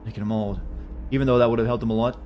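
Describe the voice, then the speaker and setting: A man's voice: mid-range voice, steady tone, racing, highs cut off, faint music behind. A man streaming a video game, chatting casually, answering chat messages in a rambling, profane way.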